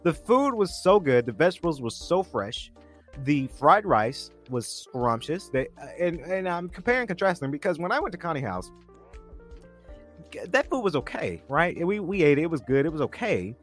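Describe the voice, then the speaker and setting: A man hosting a casual podcast, talking excitedly and often restarting his sentences. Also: on the high side, normal speed, faint music behind. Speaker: podcast host.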